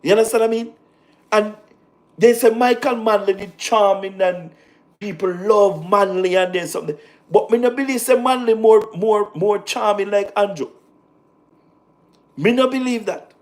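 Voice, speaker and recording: Jamaican man, high register, animated political livestream host, repeats himself, patois mixed in. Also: normal speed, long pauses. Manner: animated, repetitive, talks in patois with laughs. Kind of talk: casual political livestream commentary.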